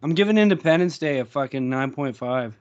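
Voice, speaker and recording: A man's voice: mid-range voice, animated, fairly quick, clear, resonant tone, dull audio. A man co-hosting a casual chat show, laid-back, swearing a lot and laughing easily. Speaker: podcast co-host.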